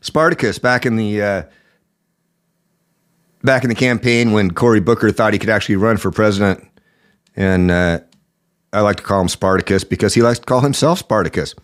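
A man's voice: lowish voice, moderate pace, long pauses. A man hosting a political podcast, giving indignant commentary with a sore throat. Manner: indignant, rising emphasis. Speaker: podcast host.

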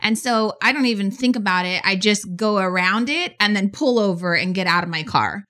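A woman in her forties casually telling a story as a podcast host, animated and full of fillers. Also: mid-range voice, brisk. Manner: animated, chatty, many "like" fillers.

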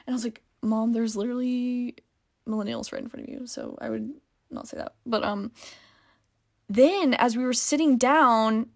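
Giggly young woman with a gravelly edge. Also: on the high side, normal speed. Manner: chatty and giggly, with frequent "like" fillers. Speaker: vlogger. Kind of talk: casual storytime chat.

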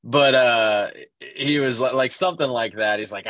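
A man's voice: mid-range voice, normal speed, a bit bright, no room sound. A man co-hosting a podcast, telling rambling stories in casual chat with lots of fillers and swearing. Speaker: podcast co-host.

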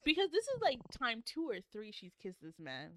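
A woman's voice: on the high side, wildly swooping pitch, moderate pace, fairly bright tone. A woman in a casual chat recapping a novel, adding wry, teasing remarks. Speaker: book club podcast co-host.

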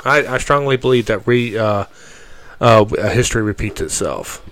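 A man speaking in a sermon, halting with frequent restarts. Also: lowish voice, animated, a bit bright.

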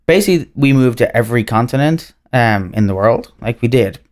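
A man's voice: medium pitch, animated, a little fast, darkish tone. An Irish man from Ireland appearing as a guest in a casual conversation, easygoing and full of "um"s and "like"s, correcting himself as he goes. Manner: easygoing, lots of fillers and self-corrections. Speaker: guest, brand representative.

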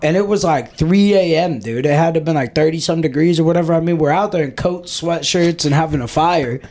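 This is a twenty-something podcast host whose voice runs a bit high and a little fast. Laughing through his rowdy tales, he curses liberally and stays excitable throughout the casual storytelling.

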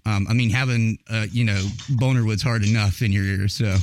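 A man's voice: lowish voice, fairly even intonation, brisk, no room sound. A man hosting a podcast in casual chat, rambling and swearing through his stories. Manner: profane, rambling storyteller. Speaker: podcast host.

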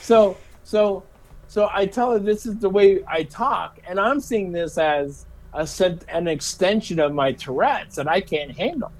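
An unhurried middle-aged man with a high voice tells stories in a casual interview, laughing as he speaks and often repeating himself. He's a special education teacher and a lively storyteller, recorded in low quality.

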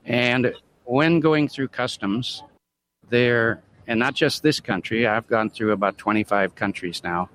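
A man's voice: mid-range voice, unhurried, a bit bright, a little hiss or hum, rough recording. A man calling in to a radio show, telling a chatty story and grumbling as he goes. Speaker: caller. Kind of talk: phone-in chat.

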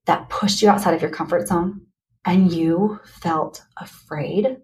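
A woman hosting her own podcast, talking candidly and earnestly to listeners in a motivational pep talk, speeding up then slowing on key words. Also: lowish voice, a little mellow. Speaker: podcast host.

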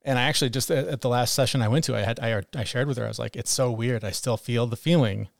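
A man talking frankly on a podcast, sprinkling his speech with profanity and now and then voicing the cruel critic in his head. His voice sits at an ordinary middle pitch. The sound is dry and close, with no room around it. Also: fast, creaky, dry recording. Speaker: podcast co-host. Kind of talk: candid conversational chat.

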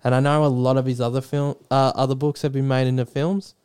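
A man's voice: medium pitch, little pitch movement, quick pace, a little mellow, smooth. Rambling, cussing Australian podcaster man. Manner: chatty, swears freely, rambling restarts. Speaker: podcast co-host. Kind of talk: casual chat.

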